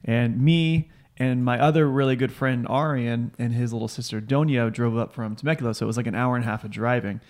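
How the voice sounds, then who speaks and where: A man's voice: medium pitch, brisk, hardly any pauses. Man rambling through a story. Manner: rambling, animated retelling with voiced quotes. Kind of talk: casual storytelling chat.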